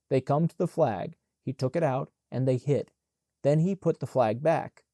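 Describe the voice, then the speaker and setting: A man reading an audiobook in a measured, plain narration on a close mic. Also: mid-range voice, mellow, dry recording.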